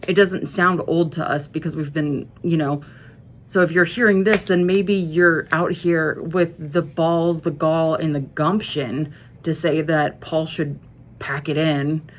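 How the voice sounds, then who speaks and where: Low-voiced woman ranting casually. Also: steady tone, a little slow, slight background noise. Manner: blunt and profane, rambling with asides and self-corrections. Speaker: music vlogger. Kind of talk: casual music commentary.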